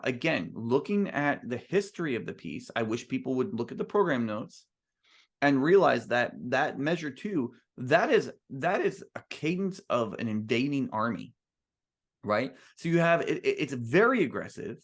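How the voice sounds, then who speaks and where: A man's voice: mid-range voice, fairly bright tone. A man who is a composer, giving an earnest, emphatic talk to musicians at a band clinic and restarting his sentences often.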